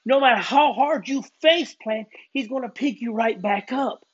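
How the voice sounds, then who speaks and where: Husky-voiced preacher, earnest and stumbling, muffled lo-fi sound. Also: mid-range voice, moderate pace. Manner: earnest, stumbling restarts, gym talk. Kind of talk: informal sermon.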